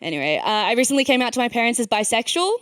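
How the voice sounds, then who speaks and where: Young aussie woman doing stand-up, high voice, rambly and self-deprecating. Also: very animated, racing, a little hiss or hum. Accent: Australian. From Australia. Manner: rambling, self-deprecating, filler-heavy delivery. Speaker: stand-up comedian. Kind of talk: stand-up comedy set. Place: stage before a live audience.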